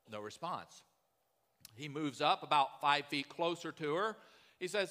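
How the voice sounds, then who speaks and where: Pastor, man, conversational preacher with a bright, strong voice, recorded in a reverberant sanctuary. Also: a little high, unhurried, smooth. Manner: conversational storytelling, often asks "right?". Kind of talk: sermon.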